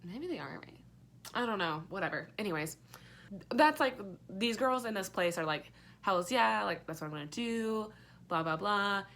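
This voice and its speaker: A woman's voice: mid-range voice, expressive, normal speed, a bit bright, slight background noise. A young woman giving a casual, rambling book review, sarcastic and full of fillers and swearing.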